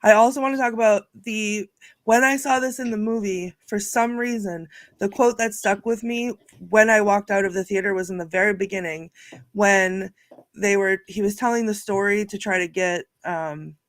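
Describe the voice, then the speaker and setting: A woman co-hosting a casual podcast chat about a film, telling scenes in an animated way and laughing often. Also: mid-range voice, moderate pace, dry recording, clean studio sound. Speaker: podcast co-host.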